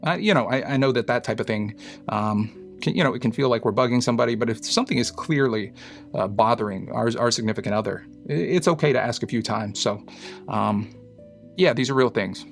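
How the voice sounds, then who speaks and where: A man's voice: medium pitch, a little fast, creaky, faint music behind. A man, a psychologist, talking through a clip in a casual explanatory way with lots of fillers. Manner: explanatory, uses fillers and analogies. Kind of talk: reaction commentary.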